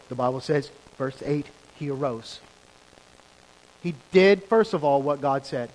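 A man preaching a sermon as pastor, building from quiet lines to emphatic ones and repeating key phrases. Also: mid-range voice, a little slow. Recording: hall reverb with faint rain hiss.

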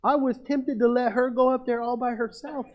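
High-voiced pastor preaching a sermon. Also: male voice, fairly even intonation, normal speed, background noise. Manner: storytelling, self-mocking, builds to emphatic peaks. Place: church. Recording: muffled lo-fi sound.

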